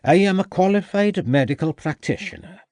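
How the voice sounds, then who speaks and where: A man's voice: sits high, normal speed, a little mellow, no echo, voice pushed up, natural voice. A man voicing a pompous older male doctor with a Welsh accent in an audiobook. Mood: indignant.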